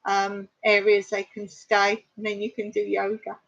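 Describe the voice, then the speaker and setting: In a mid-range voice with flat delivery and an unhurried pace, an English woman in her middle years chats on a live stream, responding to viewer comments and laughing a lot. She's at a rural home in Cyprus, and the sound is dull and lo-fi.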